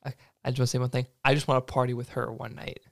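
A man's voice: medium pitch, flat delivery, racing, vocal fry. A man hosting a casual podcast chat, joking and asking easy questions. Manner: joking, laid-back interviewer. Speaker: podcast host.

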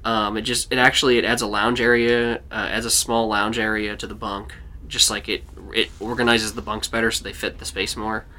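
A young man running a tabletop game as game master, relaxed with lots of fillers and restarts. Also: on the low side, brisk, slight background noise.

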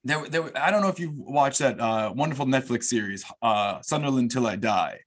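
A man's voice: mid-range voice, normal speed. A man with a New York accent hosting a casual podcast interview, effusive and welcoming toward his guest. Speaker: podcast host.

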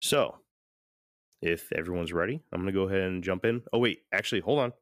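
A man's voice: sits low, fairly quick, no echo, studio quality. A man hosting a podcast in casual chat, rambling and often laughing. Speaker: podcast host.

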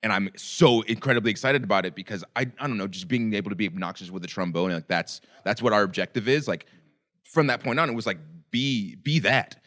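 Deep-voiced man in easy chat. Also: fast talker. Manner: animated storyteller who acts out quotes. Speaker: podcast co-host. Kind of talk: casual chat.

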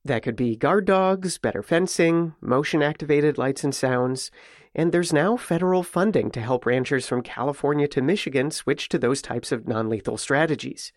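A man reading a scripted radio news report in a measured, even storytelling way. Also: on the high side, dry recording, studio quality. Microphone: close studio mic.

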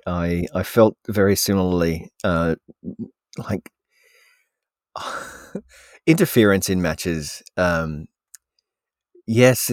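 A man's voice: low-pitched, no room sound, clean studio sound. A man co-hosting a podcast in casual chat, speaking hesitantly with many restarts. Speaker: podcast co-host.

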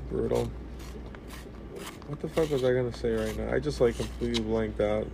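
A man talking as a guest on a podcast, blunt and profane, with quick reactions. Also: mid-range voice, fairly even intonation, vocal fry, very noisy. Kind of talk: casual profane chat.

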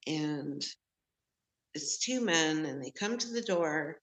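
Slow, low-voiced woman telling her story. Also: animated. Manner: candid, unhurried storytelling with laughs. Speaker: podcast guest, medium. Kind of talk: storytelling in an interview.

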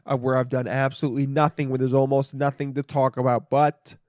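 A young man hosting a solo podcast, chatting casually and profanely, jumping between loud bursts and muttered asides. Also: mid-range voice, flat delivery, a little fast, dry recording. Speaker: podcast host. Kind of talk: rambling solo podcast chat.

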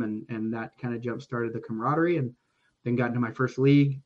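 A man's voice: mid-range voice, steady tone, fast talker, a little mellow. Podcast guest, man from Oklahoma, chatty and rambling, recorded on a dull lo-fi mic. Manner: rambling, frequent restarts, swears casually. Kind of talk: casual storytelling.

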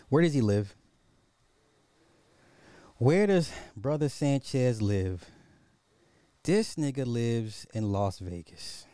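Podcast host, male, mellow voice in a dry room, needling and repetitive. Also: mid-range voice, lively intonation, slow pace, pauses often, clear, resonant tone, no room sound. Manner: repeats rhetorical questions, mocking and chuckling. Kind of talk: casual social commentary monologue.

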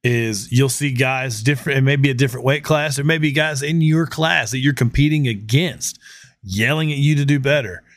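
A man hosts a podcast and chats casually, telling stories in an animated way and acting out the quotes. His voice is medium-pitched at a normal speed, in a dry, clean studio recording.

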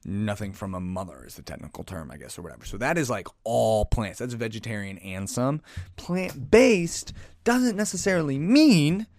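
A man's voice: mid-range voice, dry recording, studio quality. A man hosting a podcast, giving a casual solo commentary that rambles, with sighs, restarts and self-corrections. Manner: says he is aggressive and in your face. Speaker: podcast host.

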